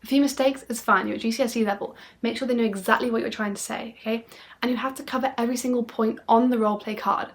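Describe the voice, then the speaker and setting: Brisk, upbeat woman tutoring with emphasis. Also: a little high. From United Kingdom. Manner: upbeat and emphatic, often checking in with "okay?"; animated, playing up phrases with dramatic tone. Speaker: French exam tutor. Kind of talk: video lesson monologue.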